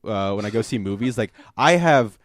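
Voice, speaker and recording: A man hosting a podcast, chatting casually in a rambling, excitable, profane way. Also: lowish voice, moderate pace, no echo, studio quality. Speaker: podcast host. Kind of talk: casual chat.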